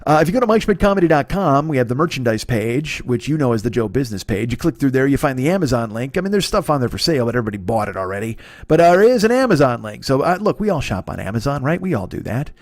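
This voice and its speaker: Comedian guy rambling through his podcast plugs, swears a lot, talks fast, dry close mic. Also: medium pitch, big pitch swings, dry recording. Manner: profane, rambling, playful. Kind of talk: casual monologue and ad read.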